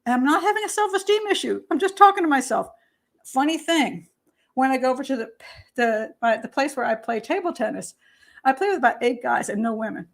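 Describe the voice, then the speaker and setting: An older American woman talks casually on her own show, her voice sitting a bit high. She is lively and chatty, laughs often, and acts out the voices of the people she quotes. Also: a little fast, creaky. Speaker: host and criminal profiler. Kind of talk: casual talk show monologue.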